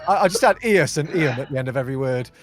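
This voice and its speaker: A man's voice: mid-range voice, animated, fast talker. A man playing a tabletop game, casual and joking. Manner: casual, laughing, playful. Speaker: player.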